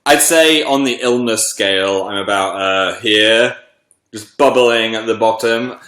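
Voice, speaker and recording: A young man with a bright, forceful voice hosts a casual livestream and rattles off viewers' names in greeting. He sounds slightly stuffed up from a cold. The room around him is echoey. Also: fairly low pitch, measured pace. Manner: chatty, greets viewers by name. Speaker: livestream host.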